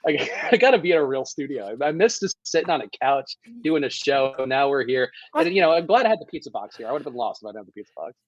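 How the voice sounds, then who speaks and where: A man co-hosting a casual sports podcast, talking quickly and laughing a lot. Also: medium pitch, highs cut off. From Sicilian family background. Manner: laughs often, fast and animated. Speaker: podcast co-host. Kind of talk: casual chat.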